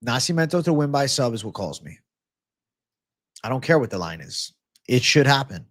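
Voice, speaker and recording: A man's voice: medium pitch, very animated, moderate pace, no room sound, clean studio sound. A man hosting a live-streamed MMA betting show, ranting with profanity to his chat about fight props. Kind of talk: live-stream prop picks talk.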